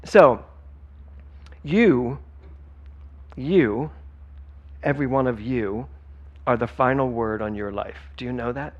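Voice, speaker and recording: A man's voice: medium pitch, takes it slowly, long pauses, muffled recording. A man giving a sermon as a spiritual director, emphatic and conversational, talking straight to the congregation. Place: church sanctuary.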